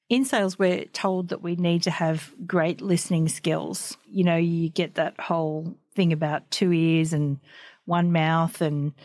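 A woman's voice: sits low, darkish tone, no echo, studio quality. A woman hosting an interview, asking questions in a chatty way with many fillers. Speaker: interview host. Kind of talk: conversational interview.

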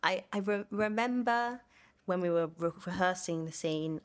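A young woman from London talks through an interview in a notably low voice. She is chatty and loose, full of fillers, and she laughs as she tells her stories. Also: steady tone, moderate pace. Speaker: actor, interview guest. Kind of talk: casual interview chat.

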